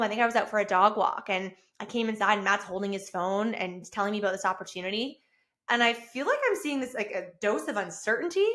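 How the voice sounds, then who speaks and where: A woman in her thirties hosting her own podcast, talking casually and enthusiastically. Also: fairly high pitch. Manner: enthusiastic, effusive, rising to excited bursts. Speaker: podcast host. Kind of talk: casual solo podcast monologue. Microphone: self-recorded with camera.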